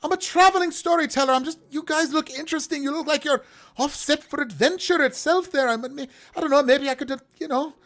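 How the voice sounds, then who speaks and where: A man voicing a jittery male half-orc storyteller with a put-on Italian accent, stammering and pleading. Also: fairly bright tone. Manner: pleading, stammering, high and strained.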